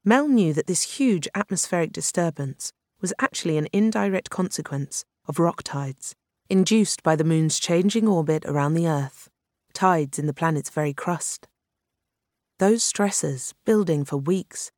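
An audiobook narrator reading a science fiction novel in a steady, even storytelling manner. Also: medium pitch, moderate pace, no room sound, studio quality.

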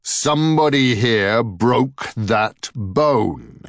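A man voicing a stern, wrathful male thunder god in a storybook reading, speaking slowly and commandingly. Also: animated, no room sound, clean studio sound. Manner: booming and slow, commanding.

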